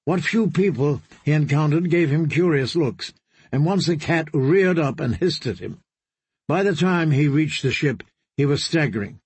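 A man narrating an audiobook in a steady storytelling manner, close to the mic. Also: a little high, moderate pace, slightly rough, no room sound. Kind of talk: scripted narration.

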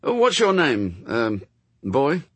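Man voicing a flat, gloomy demon. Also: mid-range voice, slow, husky, no room sound, pitched above the performer's own voice, heavily acted. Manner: flat, leaden fatalism. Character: gloomy, cynical male demon.

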